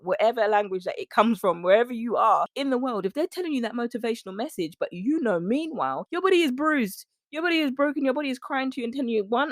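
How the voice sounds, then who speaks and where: A woman's voice: fairly high pitch, lively intonation, fast, few pauses, no room sound, clean studio sound. A woman hosting a nutrition coaching podcast, talking emphatically and preachily in slangy, faith-inflected talk aimed straight at the listener. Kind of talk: motivational podcast monologue.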